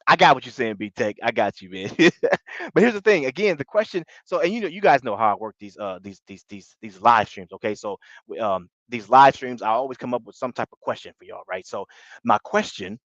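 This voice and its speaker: A man hosting a casual basketball fan livestream, animated and excitable, often asking "you know what I'm saying" as he talks to viewers. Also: medium pitch, fairly quick, no room sound, lo-fi sound.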